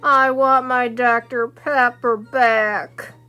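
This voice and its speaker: A woman's voice: on the high side, steady tone, takes it slowly, sharp tone, faint music behind. A woman voicing a grumpy man who complains dramatically about running out of his favorite soda, in a homemade skit. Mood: whining.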